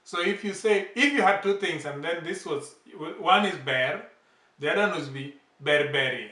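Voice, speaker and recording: A man hosting a language channel, patiently explaining words with slow, repeated examples. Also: a little high, expressive, sharp tone. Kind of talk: casual language lesson. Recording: roomy echo, distant from the mic.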